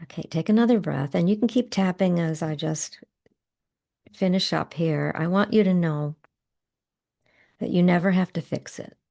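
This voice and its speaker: A middle-aged woman coaching a guided tapping exercise, giving gentle, unhurried guidance with soft pauses. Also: on the low side, vocal fry.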